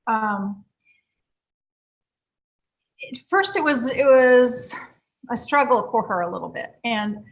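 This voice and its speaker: A woman's voice: fairly high pitch, slow pace, pauses often. A woman telling a story from one of her healing sessions in a casual talk, full of fillers, restarts and frequent laughter. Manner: lively, many fillers and restarts, laughs often. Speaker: healing practitioner guest.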